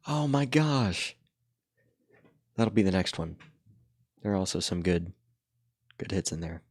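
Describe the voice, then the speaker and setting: Very low-voiced man, dry close sound. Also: lively intonation, measured pace, darkish tone, no echo. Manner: rambling, laid-back storytelling with chuckles. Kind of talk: casual chat while drawing.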